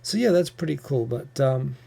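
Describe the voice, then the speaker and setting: Gravelly New Zealand man, chatty livestream host. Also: mid-range voice, animated, moderate pace, mellow. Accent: New Zealand English. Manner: chatty, rambling, with frequent ums and self-corrections. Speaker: livestream host answering viewer questions. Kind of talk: casual live Q&A.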